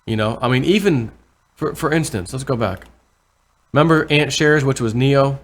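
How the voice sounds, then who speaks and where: A man's voice: medium pitch, moderate pace. Guy rambling thru price charts on his channel, keeps correcting himself, gets worked up over big numbers. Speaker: crypto vlogger. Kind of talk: casual commentary over charts.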